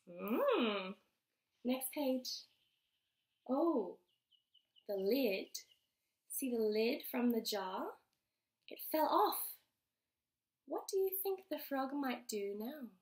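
Woman storyteller for small children; very slow, hugely lively pitch, asks the listener questions. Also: roomy sound. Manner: animated, exaggerated, questioning the listener. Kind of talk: reading a picture book aloud to young children.

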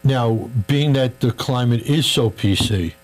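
A man hosting a variety show, asking a comic halting, self-deprecating questions in a casual interview. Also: mid-range voice. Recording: faint noise and mains hum.

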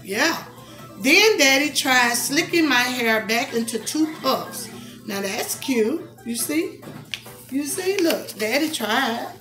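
A woman, reading a picture book aloud to her young child in a soft, coaxing way, with asides. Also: high-pitched, animated, slow pace, over music.

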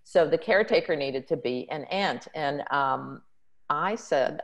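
Low-voiced woman from Hawaii. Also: lively intonation, normal speed, low-quality recording. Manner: earnest, with many fillers. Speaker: puppeteer guest. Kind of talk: casual storytelling in a conversation.

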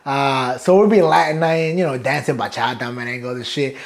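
A middle-aged man from New York sits as an interview guest and tells his stories in a relaxed, talkative way. He swears easily, laughs, and voices the people he quotes. His voice sits at an ordinary middle pitch for a man. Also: fairly quick. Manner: animated, profane, acts out quotes with laughs. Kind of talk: casual storytelling interview.

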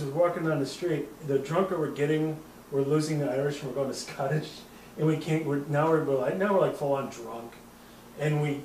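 A man's voice: medium pitch, roomy sound, distant mic, slight background noise, low-quality recording. A man in his thirties hosting a podcast, telling a rambling, profane drinking story and laughing at himself. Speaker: podcast host. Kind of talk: casual storytelling.

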